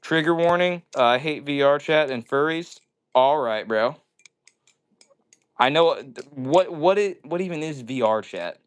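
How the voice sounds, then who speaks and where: A man's voice: a little high, lively intonation, unhurried, clear, resonant tone. A man hosting a casual indoor livestream, joking around and reading viewer comments aloud. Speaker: livestream host. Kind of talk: casual live-stream chat.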